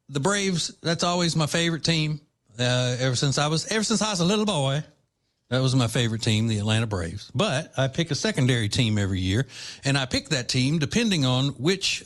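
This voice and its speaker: A man hosting a talk radio show from a studio, teasing and chuckling in a casual way. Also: medium pitch.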